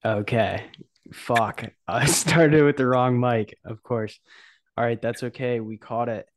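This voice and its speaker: A man co-hosting a podcast in casual conversation, relaxed and reflective. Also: mid-range voice, takes it slowly. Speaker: podcast co-host. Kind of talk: casual chat.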